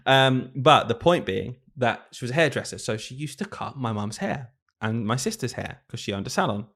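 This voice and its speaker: A man's voice: mid-range voice, moderate pace. A young man, a podcast co-host and teacher, telling a story in a casual chat and laughing often. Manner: animated storyteller, laughs a lot.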